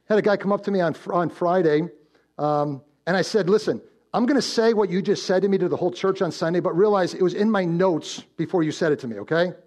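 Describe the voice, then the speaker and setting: A man preaching a sermon as pastor, swinging between loud emphatic build-ups and hushed low warnings, telling stories and posing questions to the congregation. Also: fast. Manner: storytelling with direct questions to the congregation. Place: church.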